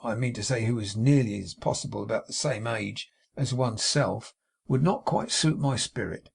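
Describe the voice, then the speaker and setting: A man with a gravelly, husky voice playing a prim, affected young woman who is jealous and spiteful, in an audiobook reading. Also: medium pitch, lively intonation, moderate pace, exaggerated voice. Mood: simpering. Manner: affected, simpering, sharp, huffy.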